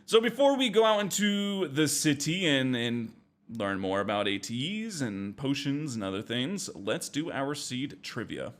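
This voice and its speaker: A man's voice: medium pitch, lively intonation, unhurried, a bit bright. A man co-hosting a podcast in casual chat, joking and exaggerating for laughs. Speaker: podcast co-host.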